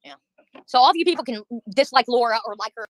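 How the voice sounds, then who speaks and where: A woman's voice: a little high, animated, quick pace, no echo, poor audio. A woman livestreaming, venting in a heated, profane rant while answering her chat.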